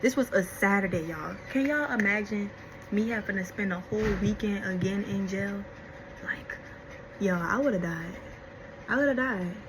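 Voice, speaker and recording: A young adult woman vlogger telling a story-time in casual, animated chat, talking straight to her viewers. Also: medium pitch, moderate pace, background noise. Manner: animated, chatty, addresses viewers as y'all.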